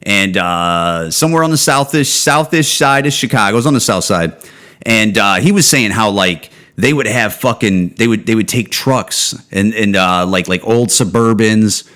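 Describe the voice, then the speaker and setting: A man's voice: expressive, normal speed, a bit bright. Profane rambling podcast man. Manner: profane, rambling, trails off with low "dude" and "man". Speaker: podcast host. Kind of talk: casual solo rant.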